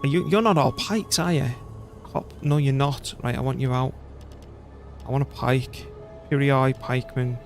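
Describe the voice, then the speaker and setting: British male streamer, middle-aged, chatty and self-deprecating, mid-pitched, faint music underneath. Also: fairly even intonation, moderate pace. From Britain. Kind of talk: casual gameplay commentary.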